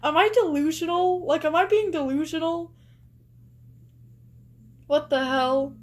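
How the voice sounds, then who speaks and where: Unhurried and a little mellow, this high-pitched young woman gushes as she reacts on stream. Her chatty talk is packed with exclamations, "likes," and rhetorical questions.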